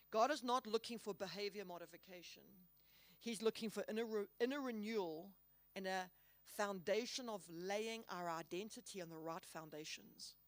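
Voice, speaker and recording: A woman speaking at a Christian conference, earnest and emphatic, slowing down on key words with the odd playful aside. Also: mid-range voice, no room sound. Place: hall.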